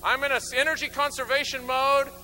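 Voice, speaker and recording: Bright-toned, fired-up male motivational speaker. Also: fairly quick, a little hiss or hum, low-quality recording. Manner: energetic, acts out voices, big swings from loud to low. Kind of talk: motivational stage talk. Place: stage before an audience.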